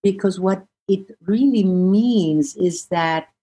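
A woman, a relationship therapist, telling a story as an interview guest, expressive and slowing down for emphasis. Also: mid-range voice, breathy edge, poor audio.

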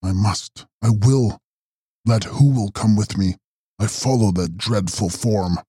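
A man voicing a husky, bold gentleman. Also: on the low side, slow pace, dry recording, studio quality, exaggerated voice. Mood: determined. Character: brave, forceful gentleman pursuing a vampire. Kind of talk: audiobook character voice.

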